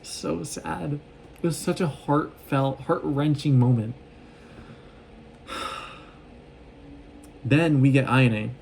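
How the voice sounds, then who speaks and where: A man talking fast in a casual, excited recap vlog, rambling with lots of fillers and restarts, recorded on a phone. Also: medium pitch, a little hiss or hum. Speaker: vlogger recapping a show.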